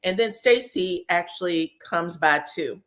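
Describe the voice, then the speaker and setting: With a fairly low, expressive and slightly bright voice, she moves at a measured pace through her reality show recap. The talk is slangy and emphatic, full of laughter, with "okay?" and "child" punctuating her points.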